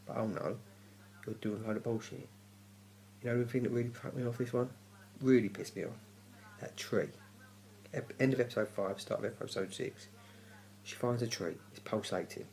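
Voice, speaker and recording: Gravelly man ranting grumpily. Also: mid-range voice, a little fast, a little mellow. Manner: grumpy, sweary, exasperated ranting. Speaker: TV review vlogger. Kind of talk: casual ranting review. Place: home at night.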